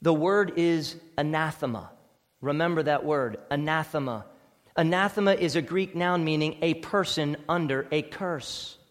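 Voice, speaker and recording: A man preaching a sermon as pastor, emphatic, swinging between loud stressed words and quiet low asides. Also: unhurried, big-room sound. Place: church sanctuary.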